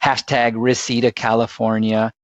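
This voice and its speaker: A man's voice: mid-range voice, flat delivery, normal speed, no echo. A man being interviewed about live streaming, telling earnest, enthusiastic anecdotes in a conversational way. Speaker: guest, live streaming expert. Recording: dull, dry lo-fi sound.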